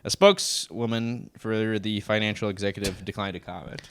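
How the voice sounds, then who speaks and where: A man's voice: lowish voice, steady tone, normal speed, smooth. A man co-hosting a comedy podcast, reading out news quotes and tossing in irreverent, profane quips. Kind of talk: casual comedic banter.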